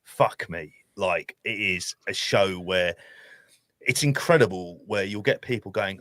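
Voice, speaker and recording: A deep-voiced man from Ireland chats on a podcast, blunt and sweary, tossing in laughing asides. His voice is low yet bright and forceful, recorded close and dry with no room sound. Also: normal speed, no echo. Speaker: podcast co-host. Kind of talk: casual chat.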